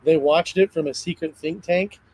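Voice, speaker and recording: A man's voice: on the high side, normal speed, darkish tone, no room sound, poor audio. A man hosting a casual livestream chat, talking energetically and rambling about conspiracies. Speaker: host.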